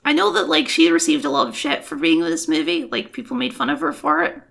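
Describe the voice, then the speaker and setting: A woman's voice: sits high, animated, quick pace, gravelly, a bit bright. A woman co-hosting a podcast, chatting casually and wryly about a film. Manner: wry, teasing. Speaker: podcast co-host. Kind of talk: casual film review chat.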